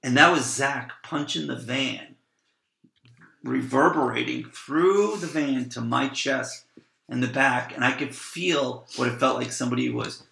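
A man's voice: medium pitch, unhurried, gravelly, bright, forceful tone. A man telling stories casually as a podcast guest, rambling and repeating words as he acts out what people said. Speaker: podcast guest, van traveler. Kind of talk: casual storytelling. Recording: roomy echo.

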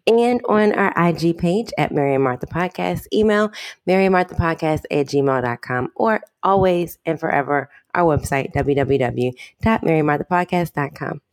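A woman's voice: deep voice, normal speed, no room sound. A woman co-hosting a faith podcast in casual chat, laid-back and plain as she reads out details. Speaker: podcast co-host.

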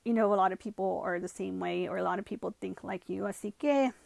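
A woman's voice: medium pitch, steady tone, quick pace, creaky, darkish tone, no echo. Chatty bilingual woman, dry sound. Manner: switches between English and Spanish mid-sentence; lots of "you know" and "like" fillers. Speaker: vlogger. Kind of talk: casual storytelling to camera.

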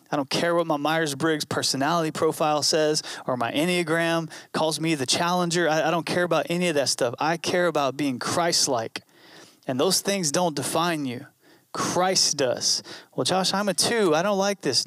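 Male pastor, earnest and conversational, repeats lines for emphasis; voice on the higher side. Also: normal speed, fairly bright tone, no room sound, studio quality. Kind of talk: sermon.

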